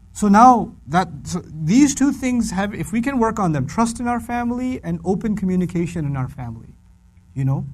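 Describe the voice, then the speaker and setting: A middle-aged man giving a humorous religious lecture, animated and repeating lines for emphasis. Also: high-pitched. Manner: animated, acts out quoted voices, repeats for emphasis. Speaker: Quran teacher.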